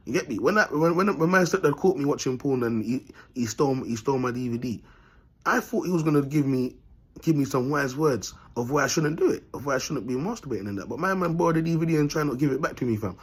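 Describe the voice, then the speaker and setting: A husky-voiced man speaks straight to camera in a loose, rambling monologue. He talks bluntly, piles on street slang and breaks into laughter often. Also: mid-range voice, expressive, fast. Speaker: vlogger.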